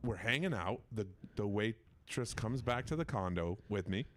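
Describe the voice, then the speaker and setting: A man's voice: on the low side, animated, moderate pace. A man telling a crude story on a comedy podcast, rambling and laughing at himself. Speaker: comedian guest. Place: festival recording room.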